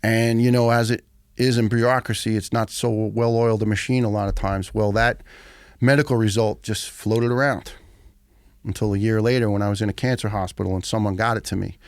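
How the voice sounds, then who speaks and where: A middle-aged man, telling his story as a podcast guest in a blunt, profane, animated way. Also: on the low side, brisk, clean tone, dry recording, clean studio sound. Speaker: guest, retired firefighter.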